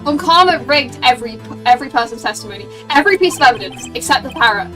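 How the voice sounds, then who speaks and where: A woman's voice: a little high, animated, fast talker, sharp tone. A woman voicing a bold young male defense lawyer in a game, speaking in an earnest, determined way, recorded a bit far from the mic with game music behind.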